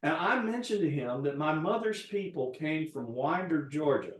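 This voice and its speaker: A man's voice: on the high side, expressive, normal speed. A man, a guest chef, telling a rambling personal story in casual chat while cooking. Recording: roomy echo.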